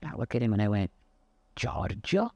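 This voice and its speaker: Her voice sits low and unhurried as this older Pilates instructor chats animatedly to camera, telling stories laced with mild swearing in a casual motivational talk. There's no room sound.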